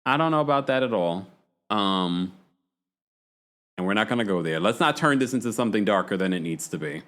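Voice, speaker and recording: Chatty, animated male livestream host. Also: a little fast. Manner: chatty and animated, laughs often, swings his pitch up for emphasis. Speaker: host reading live chat. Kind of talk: casual livestream recap of a reality show.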